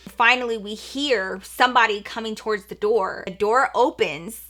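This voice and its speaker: A young woman telling a storytime on her vlog, chatty and animated, full of fillers, acting out what her mom said. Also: a little high. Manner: acts out quoted voices of her mom. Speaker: vlogger.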